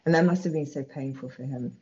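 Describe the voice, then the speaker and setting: Low-voiced British woman telling her story. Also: fast, slightly rough, lo-fi sound. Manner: earnest storytelling, soft laughs. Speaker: guest. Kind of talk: personal faith testimony.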